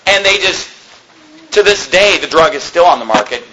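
A pastor preaching an emphatic sermon, reading scripture aloud and shouting rebukes. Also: male voice, mid-range voice, normal speed, noisy background. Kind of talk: fiery sermon.

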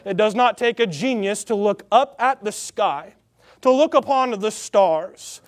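A man from the Salt Lake Valley preaching a sermon, stressing his points by slowing down and repeating phrases. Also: sits high. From Salt Lake Valley, Utah. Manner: emphatic preaching with slow, drawn-out repeated phrases.

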